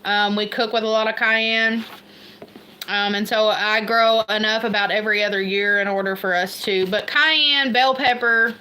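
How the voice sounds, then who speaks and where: This homestead livestream host, a Kentucky woman with an Appalachian accent, rambles in casual chat and laughs at herself. She speaks at medium pitch and moderate pace, steady yet bright and forceful, over slight background noise.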